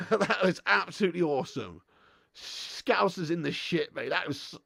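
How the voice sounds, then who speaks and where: Gravelly, bright-voiced young man. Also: on the high side, very animated, moderate pace, no echo, studio quality. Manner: swearing, laughing banter with chat. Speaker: watch-along host. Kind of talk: live football watch-along commentary.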